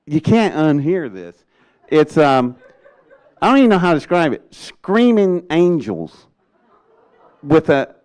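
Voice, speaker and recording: An older man telling a story in a lively way. He laughs often and acts out what other people said. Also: on the high side. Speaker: speaker recounting a rocket test. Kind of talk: animated storytelling talk.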